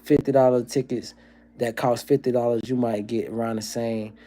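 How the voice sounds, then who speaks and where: A man on a livestream who talks loosely and swears constantly, rolling from rambling explanations into heated, animated rants. His voice sits at an ordinary middle pitch, and his level rises and falls as he riffs. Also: normal speed. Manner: profane, ranting, animated. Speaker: livestream host. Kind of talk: casual livestream chat and comedy.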